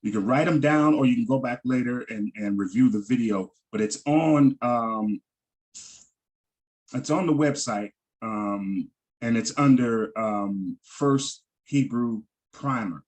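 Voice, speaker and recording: Slow, patient man teaching a lesson. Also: medium pitch, darkish tone. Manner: patient, repeats words slowly, frequent ums. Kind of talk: slow Hebrew vocabulary lesson.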